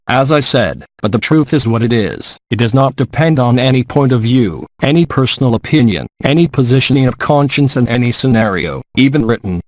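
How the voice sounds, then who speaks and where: A man reading an English voice-over translation of a spiritual gathering in a measured, steady way, close to the mic. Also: mid-range voice, no echo.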